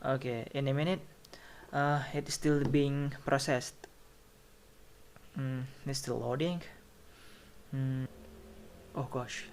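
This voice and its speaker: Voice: mid-range voice, little pitch movement, takes it slowly, pauses often, a little mellow, a little hiss or hum. Repetitive phonetics lecturer checking in often. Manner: repeats each example and checks in with "okay" and "right?". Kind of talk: recorded online lecture over slides.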